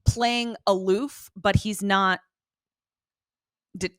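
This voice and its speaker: Podcast co-host, female; animated, swears freely, dry close mic. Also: medium pitch, no room sound. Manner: animated, profane, quick asides. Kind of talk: casual recap chat.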